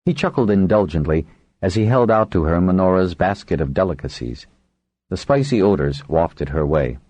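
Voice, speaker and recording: A man reading a fantasy audiobook in a measured storytelling manner, in a dry, close recording. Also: low-pitched, animated, darkish tone, dry recording. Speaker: audiobook narrator. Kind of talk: scripted audiobook narration.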